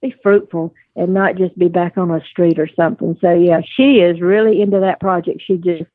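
An older woman with a Southern US accent, appearing as an interview guest and adoptive mother, tells warm family anecdotes with easy fillers in a conversational exchange. Her voice is fairly low and fairly even in intonation, her pace brisk, with no room sound and a tinny phone-line quality.

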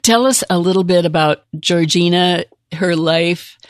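A woman's voice: fairly low pitch, unhurried, no echo, studio quality. A woman hosting an interview, encouraging her guest and laughing along, with religious phrasing. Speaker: interview host. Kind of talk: conversational interview.

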